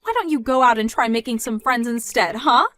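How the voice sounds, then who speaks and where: A woman's voice: fairly high pitch, expressive, fairly quick, pushed and bright, no room sound. A woman voicing a controlling, scornful middle-aged mother, nagging and incredulous in a scripted story dub.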